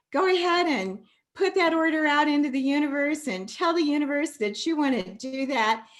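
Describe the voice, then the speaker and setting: A woman hosting a masterclass over a video call, talking affectionately and getting emotional, calling the listener sweetie and honey. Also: sits high. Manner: warm, affectionate, tearful at times. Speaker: masterclass host. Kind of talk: live video call talk.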